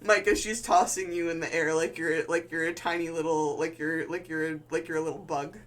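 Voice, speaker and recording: A game master narrating a tabletop game in an animated, laughing way. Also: medium pitch, fairly quick.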